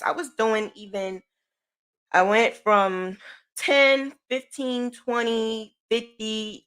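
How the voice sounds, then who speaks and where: A woman hosting a podcast, telling a personal story in a chatty, animated way with informal slang. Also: lowish voice. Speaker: podcast host.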